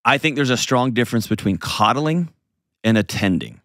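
On his advice show, a man earnestly explains parenting, acting out little scenes in altered voices. His mid-range voice is animated and fairly bright, at a normal speed, recorded in studio quality with no echo.

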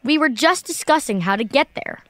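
A wisecracking kid adventurer who boasts and grumbles, played by a woman in a family audio adventure. The voice sits high and leaps about in pitch. The recording is dry and close. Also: expressive, moderate pace, a bit bright, no echo. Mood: playful. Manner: wisecracking, impatient. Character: Max, cheeky sporty kid adventurer. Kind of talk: children's audio drama.

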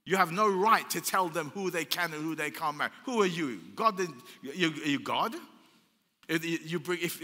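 Older male pastor, emphatic sermon delivery, slightly high voice, long hall echo. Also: pushed and bright. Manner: emphatic, repetitive preaching with rhetorical questions. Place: church hall. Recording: long church hall reverb.

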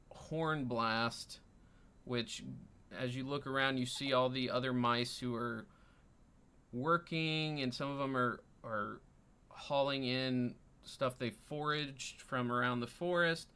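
A man narrating as dungeon master in an unhurried way, pausing often with ums. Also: medium pitch, steady tone, bright, forceful tone, clean tone. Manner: unhurried, many ums and pauses. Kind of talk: narrating a tabletop game.

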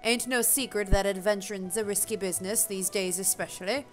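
A woman's voice: medium pitch, steady tone, faint music behind, close to an everyday voice. A woman putting on a chatty old sea peddler. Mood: folksy. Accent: attempted British. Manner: reading the lines aloud with a halting put-on accent. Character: grizzled male peddler on a ship, chatty.

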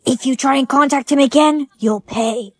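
A woman's voice: sits high, normal speed, darkish tone, no room sound. A woman acting out short dramatic POV skits, switching between characters. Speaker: skit creator.

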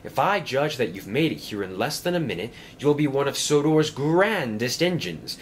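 Smug bragging engine, lofty and showy, a man putting him on, storybook voice, lively pitch. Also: normal speed, slight background noise, close to an everyday voice. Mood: boastful. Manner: pompous, smug. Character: boastful grand silver male engine.

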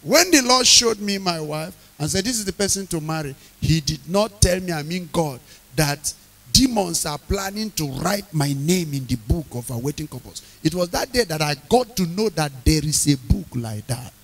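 A man preaching an evening sermon, emphatic, repeating key phrases, questioning the congregation and bursting into loud shouted lines. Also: fairly high pitch, expressive, normal speed.

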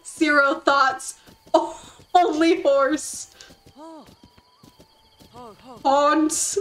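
A woman streaming a game, chatting casually and excitedly, giggling often and cooing softly at her in-game horse. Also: sits high, extremely slow, rough recording. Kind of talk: casual gameplay commentary.

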